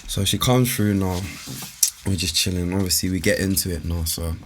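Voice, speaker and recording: A young man on a podcast, telling a long story in a laid-back way, full of slang. His voice sits a little low. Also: steady tone, moderate pace, a little hiss or hum. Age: young adult. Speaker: podcast co-host. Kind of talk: casual storytelling chat.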